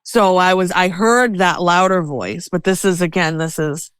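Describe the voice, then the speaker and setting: A woman speaking as a guest on a podcast, her low-ish voice smooth and resonant. She talks in an animated, conversational way. The sound is close and dry, with no room echo. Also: moderate pace. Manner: animated, acts out inner voices in quotes. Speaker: podcast guest, self-care expert. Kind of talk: conversational interview.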